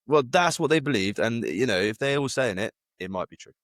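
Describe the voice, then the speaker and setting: A man's voice: mid-range voice, expressive, a little fast, fairly bright tone, no echo, clean studio sound. A man rambling through a theory in casual chat, full of fillers and restarts. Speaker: podcast co-host.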